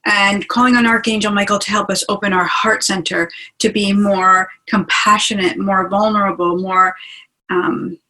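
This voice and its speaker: A woman's voice: medium pitch, steady tone, normal speed, bright, forceful tone, poor audio. A woman hosting a webinar as a spiritual teacher, talking in a chatty, enthusiastic way over a video call. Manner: chatty and enthusiastic, asks listeners along. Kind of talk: casual teaching talk.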